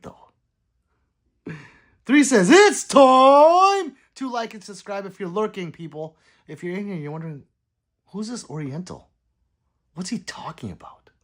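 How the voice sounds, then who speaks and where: A man hosting a casual livestream, reading viewer comments aloud in a rambling, apologetic way and muttering between them. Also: on the high side. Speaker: gun channel livestream host.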